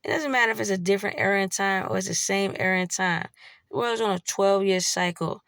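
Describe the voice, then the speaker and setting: Gravelly, profane woman preaching. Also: medium pitch, fast, a bit bright, dry recording, studio quality. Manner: blunt, heavy swearing, preachy. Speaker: spiritual vlogger. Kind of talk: profane spiritual monologue.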